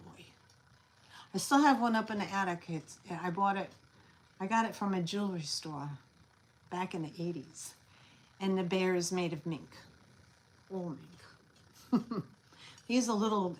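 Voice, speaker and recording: A middle-aged woman with a Long Island New York accent, chatting as she hosts a live sale stream, rambling and answering viewers. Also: medium pitch. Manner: chatty, reads out viewer comments, rambling asides. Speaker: host selling collectibles on a live stream. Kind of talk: live sales stream chat.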